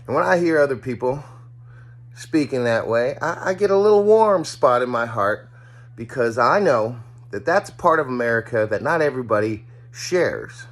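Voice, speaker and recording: A man from Washington state hosting a casual off-road vlog, relaxed and chatty with plenty of fillers, recorded on a phone in a vehicle outdoors. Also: mid-range voice, normal speed. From Washington state, US Northwest. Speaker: vlog host. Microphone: phone camera. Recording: music playing underneath.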